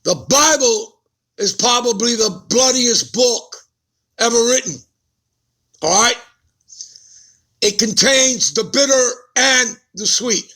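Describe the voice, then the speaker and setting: A man's voice: very high voice, takes it slowly, pauses often, bright, forceful tone. A man preaching a Bible-study sermon who keeps putting rhetorical questions to his listeners and checking in with them.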